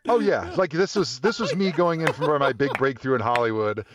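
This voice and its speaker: A man's voice: mid-range voice, animated, a little fast, a loud crowd. A man, a former football player and guest, telling a long story in casual talk, rambling with plenty of fillers.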